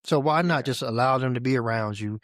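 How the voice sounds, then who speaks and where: A man hosting a podcast in casual conversation, relaxed and repeating key phrases for emphasis. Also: mid-range voice, a little fast, no echo, clean studio sound. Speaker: podcast host.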